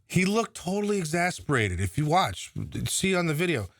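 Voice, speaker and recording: A man's voice: high voice, very animated, moderate pace, dry recording, studio quality. A man ranting casually about politics, profane and sarcastic. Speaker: political commentator.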